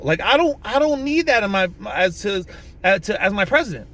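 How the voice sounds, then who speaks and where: A man's voice: high voice, big pitch swings, moderate pace, fairly bright tone. A man ranting casually to camera in a vlog, rambling with many restarts, swearing and bursting out emphatically. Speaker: vlogger. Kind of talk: casual political rant to camera. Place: in a vehicle.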